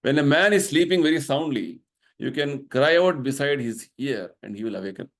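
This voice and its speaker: A middle-aged man, vice president of the temple, delivers a devotional lecture with a gravelly, fry-edged texture in a mid-range voice. His intonation is lively as he explains each point earnestly, often pausing to ask the room "right?".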